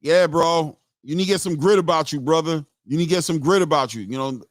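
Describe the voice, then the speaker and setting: A man's voice: fairly high pitch, brisk, no room sound, clean studio sound. A man hosting a live boxing stream, giving casual, slangy fight commentary and talking straight to his viewers.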